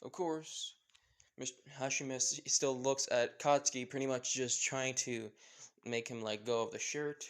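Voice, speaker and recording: A man's voice: medium pitch, steady tone, a little slow. Young male storyteller, rambling fan story narration, stumbles on names, filler-heavy.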